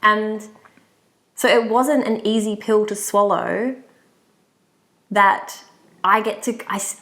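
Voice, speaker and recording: Young woman, relationship coach co-host, candid and heartfelt, quick to laugh. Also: mid-range voice, fairly even intonation, fairly bright tone. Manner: open, heartfelt, laughs often. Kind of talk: casual podcast conversation.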